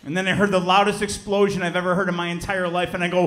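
Male stand-up comic in his 30s, from Chicago; high, bright voice; animated storyteller who shouts punchlines. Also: fast talker, hardly any pauses, roomy sound, slight background noise. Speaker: stand-up comedian. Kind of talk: stand-up comedy set. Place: theater stage before a live audience.

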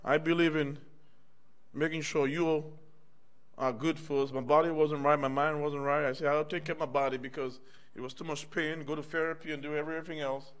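A middle-aged American minister gives a personal testimony sermon in church, speaking conversationally and often calling out "amen" and "y'all" to the congregation. His voice is fairly high, his delivery flat and brisk.

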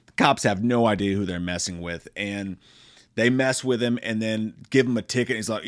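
A man's voice: fairly low pitch, normal speed, no room sound, studio quality. A man giving a casual, profane and joking spoken movie review. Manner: profane, joking, animated retelling.

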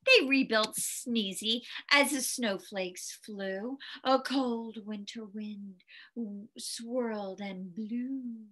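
A woman reading a picture book aloud to children, very expressive, with gasps and hushed whispery asides. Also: on the high side, very slow. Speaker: storyteller.

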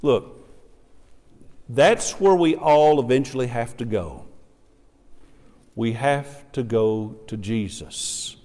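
A middle-aged man preaching a sermon in a church, lively and acting out the voices of the people he quotes. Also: medium pitch, slow, long pauses. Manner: animated, acts out quoted voices. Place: church sanctuary. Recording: reverberant church hall.

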